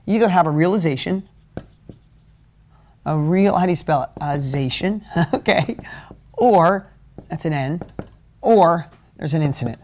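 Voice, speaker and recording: A man teaching a live motivational talk at a whiteboard, energetic, emotional and conversational. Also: a little high, unhurried, pauses often, slight background noise. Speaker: motivational business coach.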